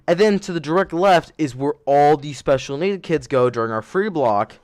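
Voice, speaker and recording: A man's voice: fairly high pitch, animated, moderate pace, a little mellow, a little hiss or hum. A young man hosting a podcast, telling stories in a rambling, self-correcting way and laughing as he goes. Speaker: podcast host. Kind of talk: casual storytelling chat.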